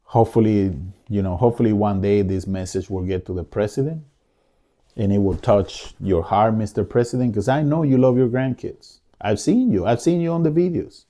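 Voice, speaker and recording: A man's voice: on the low side, normal speed, mellow. A man co-hosting a podcast, speaking with emotion, pleading and angry, repeating his phrases. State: angry and upset. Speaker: podcast co-host. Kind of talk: impassioned commentary.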